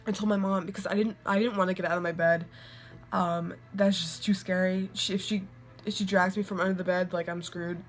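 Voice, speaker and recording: A young woman vlogger casually telling ghost stories to the camera, full of "like" fillers and quick laughs. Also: medium pitch. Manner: chatty, lots of "like" fillers, quick laughs, acts out quotes.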